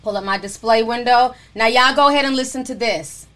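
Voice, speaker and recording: A woman's voice: a little high, fairly quick, pushed and bright. A woman hosting a livestream, reading viewer messages in a sassy, casual way and calling the audience honey and sis. She says she is still coughing. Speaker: livestream host reading super chats.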